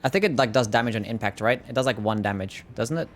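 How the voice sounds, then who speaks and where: A man's voice: mid-range voice, fast talker. A young Australian man with an Australian accent, giving casual gameplay commentary, laid-back and swearing freely as he answers chat. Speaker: game streamer.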